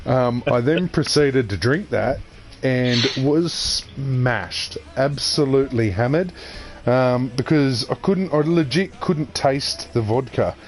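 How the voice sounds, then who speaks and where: A man's voice: medium pitch, animated, slow. An Australian man co-hosting a casual podcast chat, jokey and laid-back, swearing freely. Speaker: podcast co-host.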